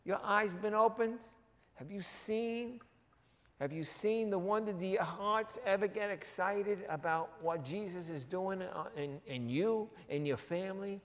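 A man preaching a sermon as pastor, animated and jokey, with quick asides to the congregation. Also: sits high, long reverb tail. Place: church hall.

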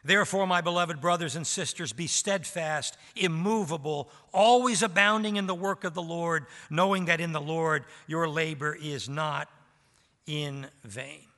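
A man's voice: fairly high pitch, normal speed, few pauses, bright, forceful tone. A man preaching a sermon as pastor, with rising emphasis and rhetorical questions to the congregation. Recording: reverberant hall.

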